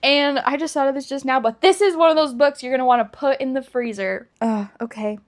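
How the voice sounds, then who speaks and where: A woman's voice: sits high, a little fast. A woman in her thirties, a book vlogger chatting casually and emotionally, with dramatic emphasis. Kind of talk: casual chat.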